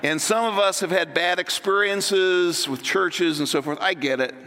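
Bright-voiced man preaching in a hall. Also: high voice, moderate pace. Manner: energetic, joking and conversational. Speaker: pastor. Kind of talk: sermon.

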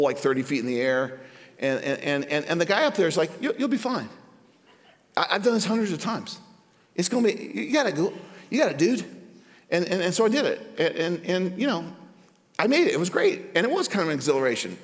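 A man preaching a sermon as pastor, animated, often stuttering and repeating words as he starts sentences. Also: long reverb tail. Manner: animated, voice jumps high for emphasis.

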